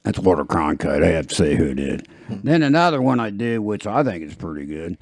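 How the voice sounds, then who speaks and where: A man's voice: deep voice, big pitch swings, brisk, no room sound, clean studio sound. A man, hosting a podcast in a loose, rambling, jokey way and laughing at his own jokes. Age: 50s. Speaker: podcast host. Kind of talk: casual chat.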